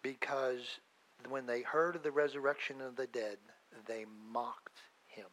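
A middle-aged male pastor preaching a sermon with emphatic swings between loud declarations and hushed asides. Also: mid-range voice, steady tone, measured pace, poor audio.

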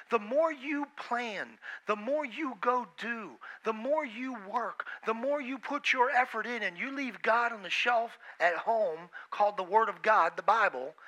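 A man's voice: very high-pitched, bright, forceful tone, rough recording. A man preaching a sermon with emphasis, repeating phrases and acting out the voices he quotes. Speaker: pastor.

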